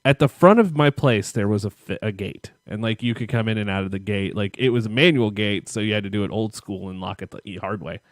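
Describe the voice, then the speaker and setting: Lower-voiced man rambling through a story. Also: brisk, few pauses, dry recording, clean studio sound. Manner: rambling, profane, laughs at himself. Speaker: podcast co-host. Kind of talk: casual storytelling chat.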